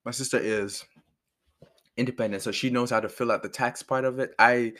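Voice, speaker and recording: A man's voice: mid-range voice, fairly even intonation, fairly quick, fairly bright tone. A young man telling a story in a casual rant, annoyed and swearing, acting out both sides of an argument. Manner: annoyed, swearing, retells arguments with quoted lines.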